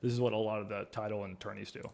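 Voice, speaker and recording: A man's voice: fairly low pitch, flat delivery, racing, creaky, a little mellow. Chatty man coaching on a livestream. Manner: chatty and loose, with slang and restarts. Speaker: host of a real estate training livestream. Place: backup home studio at his father's house.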